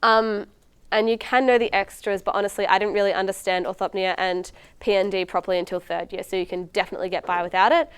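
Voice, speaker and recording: Smooth-voiced chatty woman tutor. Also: medium pitch, steady tone, quick pace, dry recording. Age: 20s. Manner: chatty, frequent ums and likes. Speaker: medical student tutor. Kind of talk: casual exam-prep lecture.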